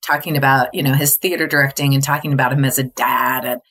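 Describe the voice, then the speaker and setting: A woman's voice: rumbling low, fairly even intonation, fast, a bit bright. A middle-aged woman, a podcast guest, telling her family story in candid conversation and often laughing. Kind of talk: casual interview conversation.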